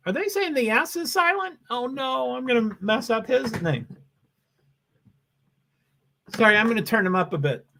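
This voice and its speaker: Guy with a high voice rambling thru race commentary on his stream, restarts sentences a lot, home desk mic. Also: animated, normal speed, creaky, pauses often, bright, forceful tone. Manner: rambling, self-interrupting, chatty with viewers. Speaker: livestream host.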